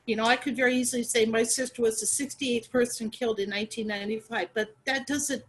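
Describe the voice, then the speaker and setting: A middle-aged woman speaks as an interview guest. She talks earnestly and haltingly, often restarting with fillers. Her voice sits a little on the high side. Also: fairly even intonation, breathy edge, low-quality recording. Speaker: guest, sister of a murder victim.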